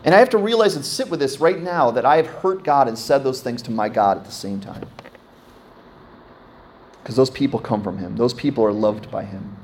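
A man's voice: mid-range voice, moderate pace, a little mellow, a little hiss or hum. A man in his thirties, a pastor preaching a sermon in a conversational way, often asking his congregation questions.

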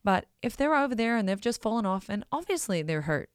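A woman with a medium-pitched, sing-song voice talks briskly, sounding clear and resonant in a clean studio recording with no room sound. An adult parent of school-age kids, she delivers a blunt, emphatic, casual monologue and swears freely.

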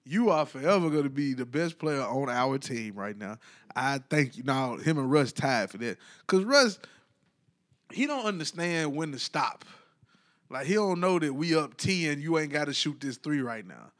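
Man, slightly high-pitched, rambling casual sports talk, animated and colloquial. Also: normal speed. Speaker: basketball commentator.

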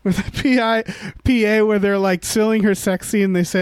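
A man's voice: sits high, steady tone, moderate pace, smooth, dry recording. A man co-hosting a casual movie-review chat, rambling with fillers and restarts. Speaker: podcast co-host.

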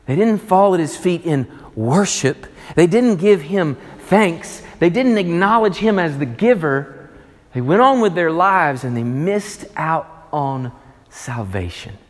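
A male pastor preaching a sermon, emphatic and swinging between loud and hushed delivery. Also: fairly high pitch, lively intonation, slow pace. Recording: long reverb of a large hall.

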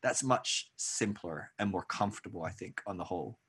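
A man's voice: low voice, moderate pace, slightly rough. A Scottish man hosting a podcast interview, talking casually and animatedly and laughing often. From Scotland. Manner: animated, laughs often, quotes himself in mock voices. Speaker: podcast host.

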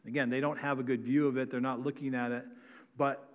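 A man's voice: mid-range voice, little pitch movement, a little fast. Man, pastor, sermon, tags lines with "right?", long hall reverb, muffled recording. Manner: reads scripture then explains with frequent "right?" tags.

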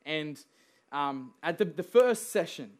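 A young man preaching a sermon, telling stories in a relaxed, chatty way with fillers and frequent laughter. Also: a little high, takes it slowly.

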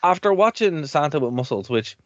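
A man's voice: a little high, animated, brisk, no room sound, muffled recording. A man hosting a radio and podcast show, chatting casually, rambling and laughing often. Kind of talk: casual chat.

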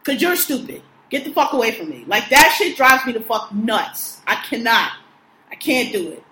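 A woman's voice: fairly high pitch, big pitch swings, moderate pace, bright, forceful tone, slight background noise. A woman venting in casual chat, ranting emphatically and swearing a lot. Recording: echoey room.

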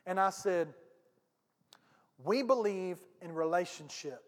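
High-voiced pastor preaching. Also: male voice, slow. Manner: animated, conversational, folksy with asides to the congregation. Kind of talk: storytelling sermon. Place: church sanctuary. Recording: long hall reverb.

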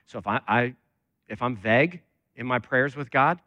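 A man's voice: mid-range voice, moderate pace, no echo, highs cut off. A man preaching a conversational sermon as lead pastor, talking with many fillers.

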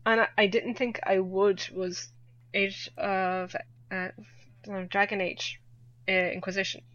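A woman's voice: mid-range voice, flat delivery, slow, a bit bright, no room sound. A young woman with an Irish accent chatting casually as a guest, laughing often and poking fun at herself. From Ireland. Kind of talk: casual chat. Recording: dull lo-fi dry audio.

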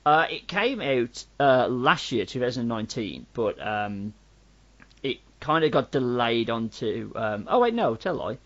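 A man's voice: mid-range voice, big pitch swings, a little slow. A man with a Black Country accent, co-hosting a podcast and giving a rambling, wry film review. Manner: rambling, wry, many restarts. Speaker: podcast co-host. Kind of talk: casual film review chat. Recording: dull lo-fi recording.

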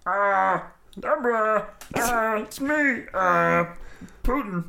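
A man's voice: high-pitched, expressive, gravelly, sharp tone, slight background noise, voice pushed up, exaggerated voice. A man doing a hesitant impression of a male Russian leader, stopping on uh after uh. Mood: halting. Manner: halting, full of uh fillers.

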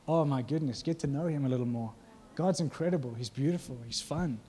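A man's voice: a little high, a little fast, hardly any pauses, dark tone. A male preacher giving a conversational sermon, often asking the congregation questions.

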